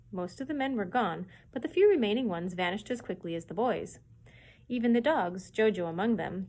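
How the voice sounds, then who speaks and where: Librarian reading a chapter book for kids, steady and clear. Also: female voice, mid-range voice. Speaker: children's librarian.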